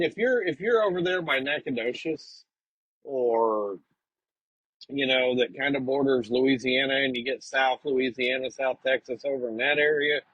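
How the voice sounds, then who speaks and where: A man's voice: on the high side, a bit bright, husky, no echo, highs cut off. A man co-hosting a casual chat, making blunt teasing jokes. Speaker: podcast co-host.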